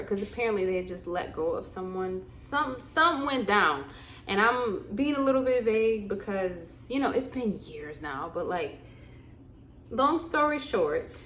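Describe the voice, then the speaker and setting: A young adult woman casually telling stories to camera. She is animated, laughs, and acts out what people said. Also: medium pitch, roomy sound, a little hiss or hum. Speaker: vlogger and actor.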